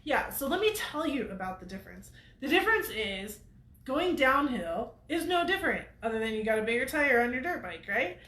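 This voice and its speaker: A woman's voice: fairly high pitch, sing-song, a little fast, a bit bright, roomy sound. A woman hosting a weekly show, telling a story to viewers in a chatty way and laughing often. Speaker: host of a weekly off-road show.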